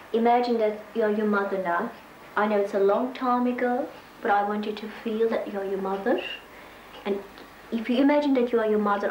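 A woman therapist guiding a role-play session in a gently directive way. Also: mid-range voice. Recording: echoey room with faint noise.

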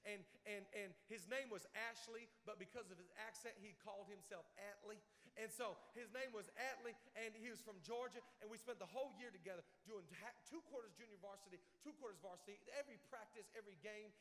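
A young man preaches with a very high, bright voice, mixing jokey stories with shouted calls. His voice rings out with a long reverb, as from a large hall. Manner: humorous storytelling, builds to shouting. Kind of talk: energetic sermon.

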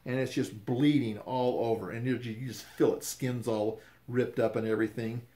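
An older man casually telling a rambling, animated story with repeated words and restarts. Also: medium pitch, moderate pace.

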